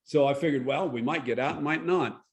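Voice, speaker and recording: Man with a high voice, Bible study leader; animated storyteller who acts out the dialogue. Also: normal speed. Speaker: Bible study leader sharing his testimony. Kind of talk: storytelling testimony.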